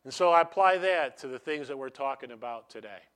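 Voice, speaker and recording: A man's voice: medium pitch, lively intonation, a little fast, a bit bright, smooth. A man preaching a sermon in a conversational way, repeating his key phrases and ending in prayer. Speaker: pastor.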